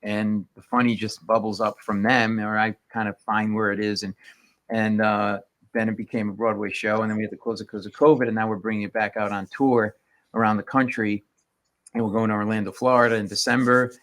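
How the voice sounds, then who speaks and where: A man, a comedian, telling stories on a radio show and acting out the people in them. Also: a little fast. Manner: animated storyteller, acts out quoted people in rising pitch. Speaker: comedian guest.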